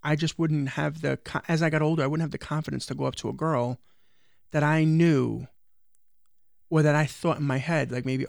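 A man's voice: fairly high pitch, steady tone, moderate pace, gravelly, no echo, clean studio sound. A young adult man co-hosting a podcast, rambling and self-deprecating in casual chat, swearing freely. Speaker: podcast co-host.

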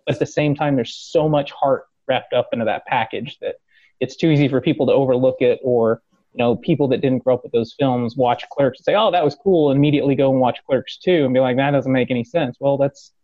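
A man's voice: a little fast, no room sound, lo-fi sound. A man hosting a podcast, telling a fan story in casual chat, acting out quotes, laughing and swearing. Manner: animated, acts out quotes with rising pitch, swears, laughs. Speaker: podcast host.

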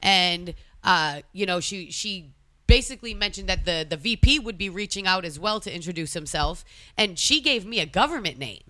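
A woman's voice: lowish voice, lively intonation, moderate pace, sharp tone, no echo. A woman in her thirties from Massachusetts with a Boston accent, telling brash, profane stories in casual podcast chat. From Massachusetts, USA. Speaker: podcast co-host.

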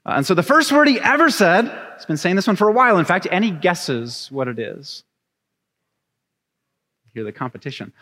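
A young adult man preaching a sermon, reading scripture and then telling a chatty, animated story with laughs. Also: high voice, normal speed, pauses often. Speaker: pastor. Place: church sanctuary. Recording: long reverb of a church hall.

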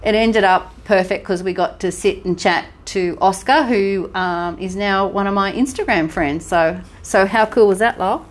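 An Australian woman co-hosting a podcast, telling a travel story in lively, casual chat. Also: medium pitch, normal speed, hardly any pauses. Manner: chatty, animated storytelling with laughs. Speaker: podcast co-host.

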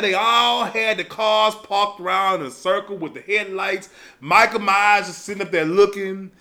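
Animated ranting man with gravelly voice. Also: high voice. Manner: animated, profane, ranting with shouted outbursts. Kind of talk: casual comedic movie rant.

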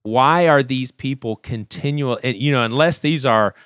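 A man co-hosting a podcast, telling a story in a casual, animated way and often restarting his phrases. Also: mid-range voice, normal speed, clear, resonant tone, dry recording, studio quality. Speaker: podcast co-host.

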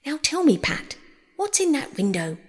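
A woman voicing a fussy, bossy male rabbit who scolds his servants in a high, sharp voice. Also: sing-song, normal speed, in a large hall. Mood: scolding.

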